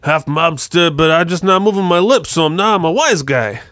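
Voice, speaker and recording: A man's voice: fairly high pitch, expressive, normal speed, fairly bright tone, no echo, clean studio sound. A man doing a mock wise guy, half mobster, talking without moving his lips much. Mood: mock tough.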